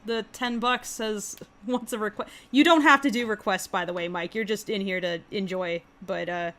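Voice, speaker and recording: A woman's voice: medium pitch, fairly even intonation, moderate pace, fairly bright tone. A woman co-hosting a casual live stream, chatty and thankful, with many fillers and laughs. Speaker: co-host, animator.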